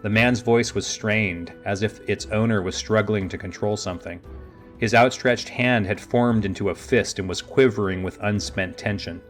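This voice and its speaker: A man with a lowish voice reads a fantasy audiobook in a steady, measured way. Faint music runs underneath his narration.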